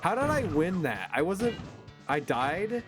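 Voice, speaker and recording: A man's voice: high voice, very animated, a little slow. A young man hosting a casual gameplay chat, telling a story in a profane, ranting way. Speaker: gaming channel host. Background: game music.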